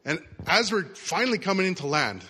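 A man's voice: high voice, big pitch swings, a little fast, bright, forceful tone, husky. A middle-aged man preaching a sermon, telling a personal story in a casual, conversational way. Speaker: pastor. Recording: long hall reverb.

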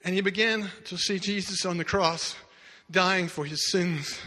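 A man's voice: high voice, steady tone, a little slow, sharp tone. A man preaching a sermon, telling a story dramatically with emphatic restarts. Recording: echoey hall reverb.

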